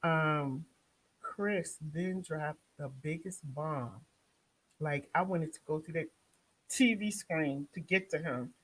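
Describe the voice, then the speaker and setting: A woman from Baltimore with a Baltimore accent, hosting her own show and recapping a reality series in a casual, animated way, talking back to the people on screen. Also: sits low, slow, breathy edge, rough recording. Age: young adult or middle-aged, has a son.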